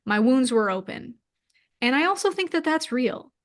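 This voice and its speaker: A woman's voice: sits high, animated, moderate pace. A woman in her thirties, a guest in an interview, telling a personal story openly and emotionally with many "like" fillers. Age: 30s. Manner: open, emotional, frequent "like" fillers.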